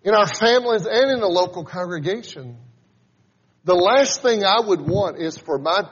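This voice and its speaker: A man's voice: sits high, animated, moderate pace, slightly rough. A man in his forties preaching a sermon, teaching in a conversational way and reading scripture aloud with rising emphasis. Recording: dull sound in a reverberant hall.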